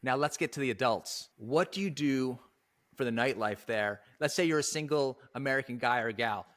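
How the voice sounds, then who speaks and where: A man's voice: mid-range voice, normal speed, fairly bright tone. A man hosting a casual interview, joking and asking his guest leading questions. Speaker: host.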